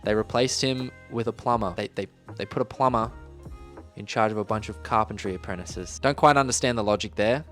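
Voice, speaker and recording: A man's voice: lowish voice, fairly quick, fairly bright tone, faint music behind. A young Australian man telling a work story in a laid-back, wry way, swearing casually. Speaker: YouTuber, electrician.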